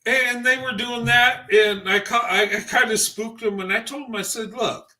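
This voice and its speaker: A man's voice: very high voice, fairly even intonation, moderate pace, bright, forceful tone. A man ranting on a livestream, emphatic and profane, speaking in heated bursts. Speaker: livestream commentator. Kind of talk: ranting opinion monologue.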